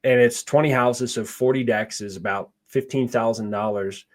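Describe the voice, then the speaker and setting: A man's voice: mid-range voice, fairly even intonation, normal speed. A man answering interview questions in a casual, rambling way, full of fillers and restarts, with no Southern accent. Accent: none, not Southern. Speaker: guest, park investor.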